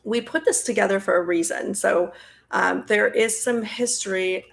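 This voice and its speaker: A woman's voice: mid-range voice, moderate pace, creaky, a bit bright. A woman hosting a live-stream Q&A, introducing her guests in a friendly, chatty way with lots of fillers. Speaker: host and nonprofit president.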